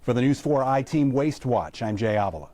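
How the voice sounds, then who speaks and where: A male TV news reporter reads his segment with a mellow, darker tone. His delivery is measured and even, in a typical broadcast style. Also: medium pitch, no echo.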